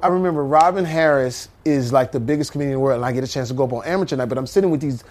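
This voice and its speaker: A man in his fifties, a comedian guest, telling animated stories and slipping into impressions. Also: mid-range voice, very fast. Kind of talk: storytelling in a talk-show interview.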